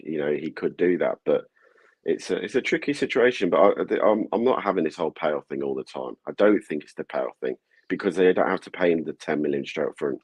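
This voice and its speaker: A man's voice: very deep voice, darkish tone, husky, no echo. A man, a guest fan joining by video call, talking football in a blunt, matey way. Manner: blunt, matey, says "mate" often. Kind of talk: casual football chat.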